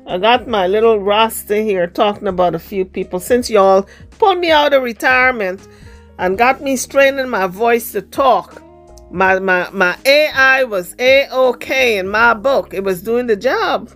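A woman giving casual celebrity gossip commentary in a sassy, blunt, slangy way, her voice slightly hoarse. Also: mid-range voice, a little slow, a bit bright, soft background music.

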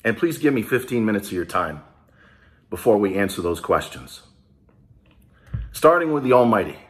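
A man with a lowish, very animated voice talks at normal speed. On his casual small business vlog he addresses viewers head-on, rallying them with hype that grows emotional.

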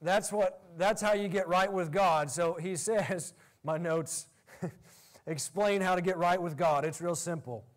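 A male pastor preaching a sermon in an animated way, laughing often as he talks. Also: high voice, unhurried.

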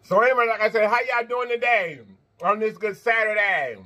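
A man hosting an eating-show vlog, chatting to viewers between bites, animated and quick to laugh. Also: high-pitched. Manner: animated, talks straight to viewers, laughs and chants; talks while eating and blowing on hot food. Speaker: mukbang host.

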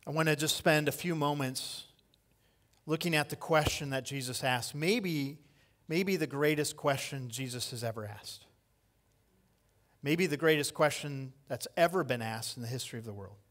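Preaching at normal speed with a voice on the high side, this pastor shifts from loud, impassioned cries to hushed lines. Key phrases come back again and again for emphasis.

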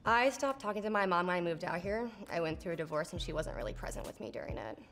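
A woman's voice: fairly low pitch, animated, fast, fairly bright tone, soft background music. A woman speaking candidly in an interview, hesitant and heartfelt as she reaches out to her mother.

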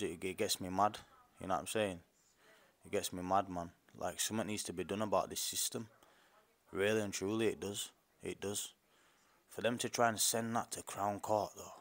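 A young man delivers an angry, rambling monologue, heavy on street slang and restarts. His voice sits fairly low, with an edge of grievance that stays under every sentence. He talks straight to his listeners, as if they were in the room with him. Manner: indignant, ranting, street slang, repeats himself. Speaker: podcast host. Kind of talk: casual monologue.

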